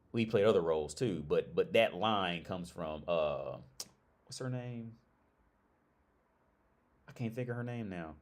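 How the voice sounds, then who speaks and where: A man hosting a casual livestream chat, rambling and restarting his phrases as he talks to viewers. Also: sits low. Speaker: livestream host. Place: living abroad in Prague.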